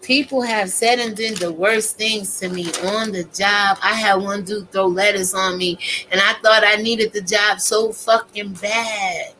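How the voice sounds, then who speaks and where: Blunt, bright-voiced woman in her fifties. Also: mid-range voice, fairly even intonation, unhurried, slight background noise, rough recording. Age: 50s. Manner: blunt, emphatic, heavy cursing. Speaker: vlogger. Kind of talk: profane casual rant.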